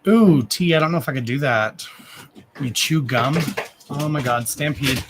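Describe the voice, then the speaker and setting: A man's voice: on the high side, normal speed, a little hiss or hum. A man in his thirties chatting casually on a live stream as a card reader, rambling, with frequent restarts and loose swearing. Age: 30s.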